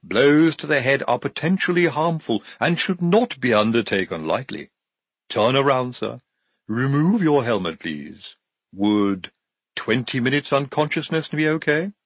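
A man reading an audiobook, voicing a precise young woman medic who speaks in a clinical, deliberate way. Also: mid-range voice, expressive, breathy edge, no echo, pitched above the performer's own voice.

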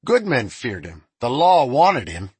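A man voicing a brash, excitable male deputy in a Western storybook reading, with a loud, raised voice. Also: mid-range voice, measured pace, husky, dry recording, voice pushed up, exaggerated voice.

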